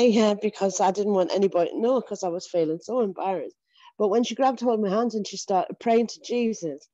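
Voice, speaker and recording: A church member gives an earnest, emotional testimony of her faith, repeating herself often and laughing between phrases. Her voice is medium-pitched and mellow, and the recording is muffled with no room sound.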